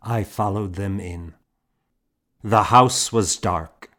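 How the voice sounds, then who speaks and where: A man narrating a story in a measured storytelling manner. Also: lowish voice, a bit bright. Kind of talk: scripted narration.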